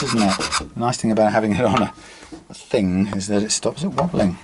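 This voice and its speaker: A guitar repair technician with a lowish voice talks a little fast and rarely pauses as he demonstrates his work at the workshop bench. He rambles casually, thinking aloud with lots of fillers and restarts, while loud file rasping and sanding on metal frets fill the recording.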